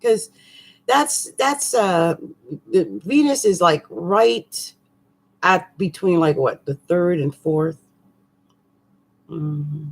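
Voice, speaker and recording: A woman astrologer talking casually through a monthly forecast, chatty and animated, with slangy asides and frequent laughs. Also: fairly low pitch, very slow, pauses often.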